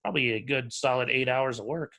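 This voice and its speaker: A man's voice: medium pitch, fairly quick, gravelly, bright, forceful tone. Easygoing male podcast host. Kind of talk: casual podcast chat.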